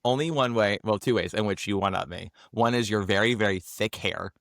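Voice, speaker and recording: A man hosting a podcast, hoarse from laryngitis, chatting in a campy, teasing way. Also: on the low side, fairly bright tone, dry recording, clean studio sound. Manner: campy, teasing, quick jokes. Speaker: podcast host. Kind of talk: casual chat.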